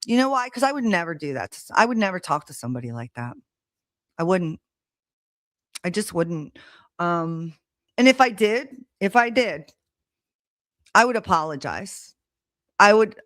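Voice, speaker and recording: A woman's voice: fairly low pitch, big pitch swings, moderate pace, long pauses, fairly bright tone, no room sound, clean studio sound. A woman hosting a live stream, telling a personal story in a blunt, heated, casual way, swearing freely. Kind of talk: casual monologue to a live audience. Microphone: streaming setup mic.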